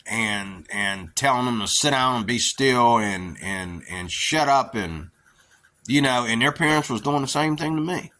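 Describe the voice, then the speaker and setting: Bright-voiced man ranting emphatically. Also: mid-range voice, expressive, a little slow. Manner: emphatic, preachy, repeats himself. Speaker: podcast host. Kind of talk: rambling opinion monologue.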